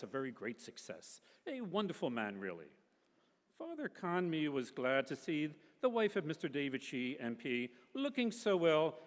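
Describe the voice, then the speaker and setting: Medium in pitch, this man performs a novel reading at a public literary festival, switching his voice between the narrator and the characters with lively expression. The acoustics suggest a big room.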